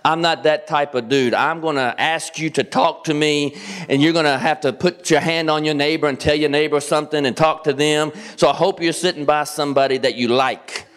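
A middle-aged man from Kentucky with a Southern accent, preaching as a guest pastor, joking and swinging his pitch up for emphasis. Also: steady tone, a little fast, a bit bright. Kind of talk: sermon. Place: church sanctuary. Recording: long church reverb.

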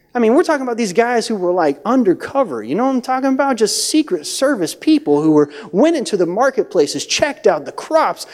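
A man preaching a sermon as pastor of a church, swinging from hushed near-whispers to loud, high-pitched acted-out voices. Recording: long hall reverb.

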